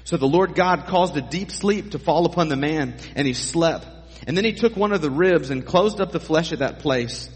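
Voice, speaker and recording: A man's voice: fairly high pitch, moderate pace. Guy preaching casually to his church, cracking jokes, big echoey hall. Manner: conversational, jokey asides to the congregation. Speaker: pastor. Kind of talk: sermon.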